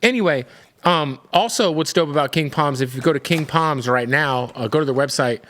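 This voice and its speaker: A man's voice: on the high side, a little fast, slight background noise. A man hosting a podcast, reading a hyped sponsor spot and asking loose, casual interview questions. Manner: excitable, loose, swears casually. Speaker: podcast host.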